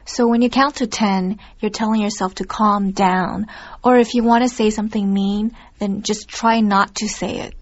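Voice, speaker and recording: A woman with a mid-range voice speaks calmly and gently, keeping her sentences short and simple. The recording has a slightly dull, lo-fi sound. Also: medium pitch, moderate pace. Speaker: co-host. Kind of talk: scripted learner podcast discussion.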